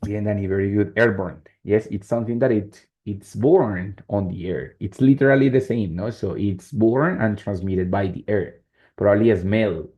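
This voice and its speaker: A man's voice: lowish voice, mellow, muffled recording. A man teaching English whose first language is Spanish, switching between the two languages and often checking if students follow. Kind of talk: online class explanation.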